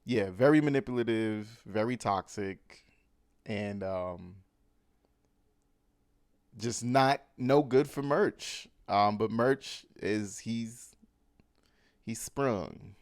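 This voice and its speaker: A man recapping a film in casual, animated, slangy talk, full of fillers. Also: lowish voice, drawn-out words, pauses often, dry recording, studio quality. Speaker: movie recap host.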